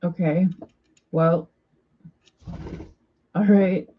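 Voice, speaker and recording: Stoned woman rambling at the camera, goes high and sing-songy scolding her pets, muffled lo-fi sound. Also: fairly even intonation, very slow. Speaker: vlogger.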